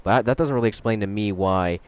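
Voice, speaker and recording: A man hosting a relaxed group chat who speaks quickly, rambling along with many fillers. His voice is low and smooth. The sound is a little dull and lo-fi. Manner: loose and rambling, full of fillers. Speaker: host.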